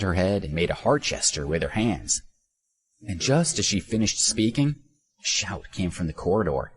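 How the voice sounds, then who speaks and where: A man narrating an audiobook with a very deep voice. His pitch rises and falls a lot as he tells the story expressively. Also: animated, moderate pace.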